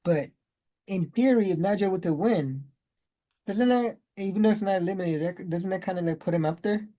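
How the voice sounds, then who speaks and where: A podcast co-host chiming in on a wrestling review in a relaxed, joking way. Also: medium pitch, brisk, dull audio. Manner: laid-back, laughs along, chimes in. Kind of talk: casual wrestling review chat.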